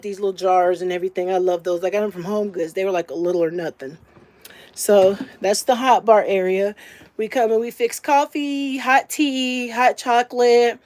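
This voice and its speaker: Giving a casual camper tour as she walks and films, a woman who seems to be a grandmother keeps things chatty and homey, fond of calling things "little." She speaks in a mid-range, slightly mellow voice.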